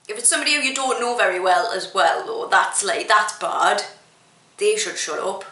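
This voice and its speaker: Young English female vlogger, bright voice, sweary exasperated rant, echoey room. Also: mid-range voice, moderate pace. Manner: exasperated, sweary, animated ranting. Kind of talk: casual ranting monologue. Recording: roomy echo.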